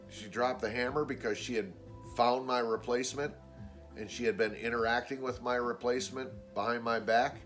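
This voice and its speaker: A man tells a story on a casual vlog in a blunt, exasperated way, cursing freely. When quoting others, this vlogger acts them out in a higher-pitched voice.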